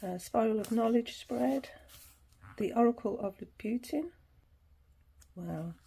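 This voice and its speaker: A woman's voice: on the high side, slow pace, warm tone, slight background noise. A woman hosting her tarot channel, chatting casually through an unboxing, laughing easily and reading passages aloud.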